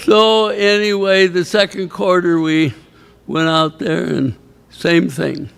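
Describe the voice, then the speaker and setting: A man's voice: sits high, flat delivery, slow pace, gravelly, a bit bright, smooth. An older man, a retired coach, telling a rambling, chuckling story at a ceremony. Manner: rambling anecdotal storyteller, chuckling, quoting others. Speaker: former coach and inductee. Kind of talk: storytelling speech at an awards ceremony. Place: banquet hall at a ceremony.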